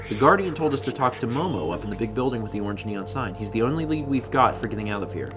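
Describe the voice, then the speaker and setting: A man chatting casually as co-host of a game stream, animated and thinking aloud as he reacts to the game. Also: medium pitch, quick pace, few pauses. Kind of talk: casual gameplay commentary. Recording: music playing behind the voice. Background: game music.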